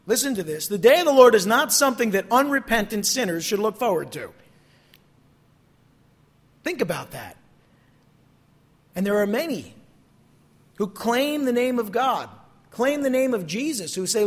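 High-voiced male preacher in an echoing hall. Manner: expressive Bible reading, rising on quoted verses and dropping low on conclusions. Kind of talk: sermon. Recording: long reverb in a large hall.

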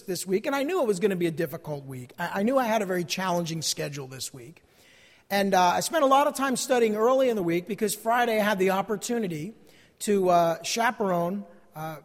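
A man in his forties preaching a sermon, earnest and conversational, asking his listeners questions. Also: high voice. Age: 40s. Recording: long hall reverb.

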